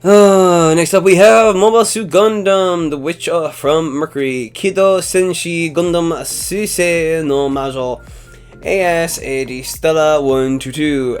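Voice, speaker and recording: A man's voice: fairly high pitch, smooth. A young man hosting an anime season preview, reading blurbs aloud with offhand joking asides. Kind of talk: casual video commentary reading synopses. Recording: soft background music under voice.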